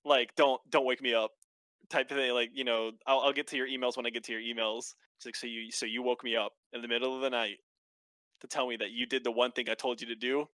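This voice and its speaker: A man's voice: mid-range voice, dry recording. A man co-hosting a podcast, casually recapping a show with lots of fillers and swearing. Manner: animated, quick storytelling with lots of fillers and swearing. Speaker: podcast co-host. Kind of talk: casual chat.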